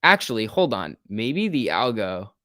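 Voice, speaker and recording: Young man, stock livestream host, casual and excitable, dry close sound. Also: on the low side, measured pace, no room sound. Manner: chatty, reads chat messages aloud, jumpy and excitable.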